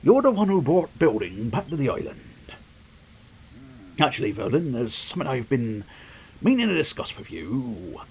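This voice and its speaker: A man's voice: mid-range voice, wildly swooping pitch, normal speed, a little mellow, a little hiss or hum. A man voicing a pompous old man in a video game who names himself mayor. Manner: pompous, grandiose.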